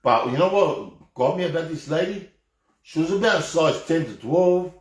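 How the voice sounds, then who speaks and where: A fired-up Australian man rants at the camera on a live stream, swearing constantly and tripping over his own restarts. His voice sits a little high for a man. It bounces around an echoey room. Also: expressive, normal speed. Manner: heated, rambling, heavy swearing, repeated restarts. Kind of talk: profane off-the-cuff rant.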